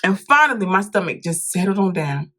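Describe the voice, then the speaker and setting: A woman vlogging a casual storytime, dramatic and animated, acting out quotes and calling her viewers "y'all". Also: medium pitch, fairly quick, breathy edge. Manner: addresses viewers directly as "y'all" and "baby".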